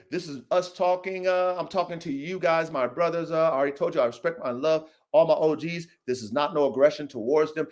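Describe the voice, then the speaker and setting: A man hosting a dog podcast livestream, ranting in a confrontational, profane way, swinging from low muttering to raised shouting. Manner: confrontational, profane, repeats "OG" often. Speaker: podcast host and dog breeder. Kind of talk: heated livestream rant. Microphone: livestream mic.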